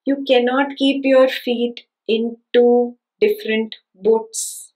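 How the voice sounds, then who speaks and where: A woman's voice: a little high, steady tone, takes it slowly, a little mellow, rough recording. A woman giving a spiritual teaching talk, who stresses and repeats her key points and keeps checking that listeners follow with rhetorical questions.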